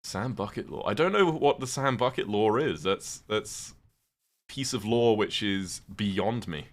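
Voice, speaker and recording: Streamer, male, very low voice, loose and chatty, casual swearing. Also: lively intonation, measured pace. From United Kingdom. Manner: chatty, answers viewers' questions, swears casually. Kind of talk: casual live-stream chat while gaming.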